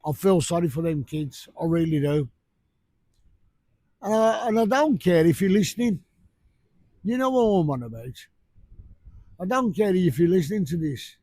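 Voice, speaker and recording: A man's voice: sits high, animated, normal speed, pauses often, warm tone, no room sound. Blunt, sweary man on a night beach. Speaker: fishing vlogger. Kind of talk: casual vlog chat. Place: outdoors on a beach at night, rough surf.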